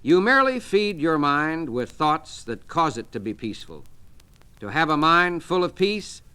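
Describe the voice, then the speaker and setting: A man reading an inspirational book aloud in a measured, soothing, deliberate way. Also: on the high side, very animated, bright, forceful tone, clear, resonant tone. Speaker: narrator.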